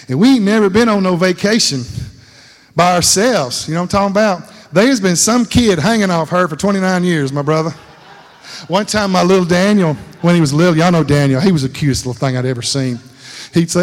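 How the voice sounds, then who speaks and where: A man's voice: high-pitched, brisk. Man preaching in a reverberant hall. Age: middle-aged. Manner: folksy storytelling, laughs often. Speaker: pastor. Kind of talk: sermon.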